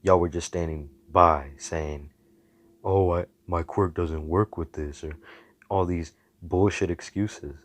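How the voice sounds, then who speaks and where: A man's voice: low voice, fairly even intonation, takes it slowly, dry recording. A man voicing a brash, cursing young male hero who talks in blunt slang. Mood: indignant. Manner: slangy, profane, exasperated.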